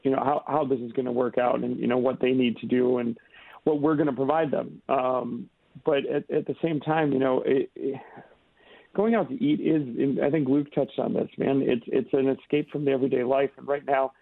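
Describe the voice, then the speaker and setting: Gravelly chef on a phone line. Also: male voice, mid-range voice, steady tone, dry recording. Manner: halting, many fillers and restarts. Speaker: chef and restaurant co-owner. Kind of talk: radio call-in guest.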